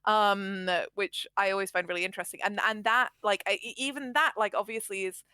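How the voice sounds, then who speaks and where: Bright, crisp RP English woman in her thirties. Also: medium pitch, steady tone, fairly quick, no echo. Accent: Received Pronunciation English. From England. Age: 30s. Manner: reflective, hesitant with many restarts and fillers. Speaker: series creator. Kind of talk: casual stream chat.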